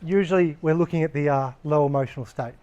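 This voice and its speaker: Blunt, slightly high-voiced male trainer. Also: quick pace, dark tone, highs cut off. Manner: blunt, casual, swears freely. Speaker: workplace trainer. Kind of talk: training talk to a live group.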